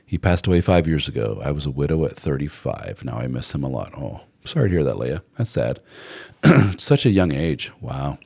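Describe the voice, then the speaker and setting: A middle-aged man with an extremely low, deep voice talks through viewer questions on a live stream. He rambles in a loose, conversational way as a relationship coach. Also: sing-song, moderate pace, vocal fry, darkish tone, slightly rough. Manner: rambling and conversational with fillers, reads out viewer comments. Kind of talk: casual live chat answering viewer comments.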